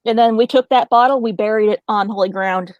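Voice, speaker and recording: A woman casually telling a paranormal story to friends, animated and laughing often as she talks. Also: fairly high pitch, fairly quick, no room sound, muffled recording. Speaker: paranormal storyteller on a group call.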